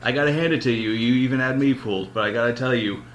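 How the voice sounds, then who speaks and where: A man's voice: mid-range voice, fast talker, a bit bright, echoey room, a little hiss or hum, voice pushed up, close to an everyday voice. A man voicing a cocky male gunman in a retold dream, taunting and drawling.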